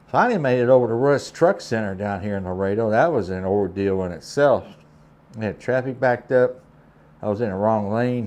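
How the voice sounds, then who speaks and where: A man's voice: lowish voice, a little mellow. A truck driver telling a casual vlog story from a hotel room. He talks in an easygoing, rambling way and often drops in "man".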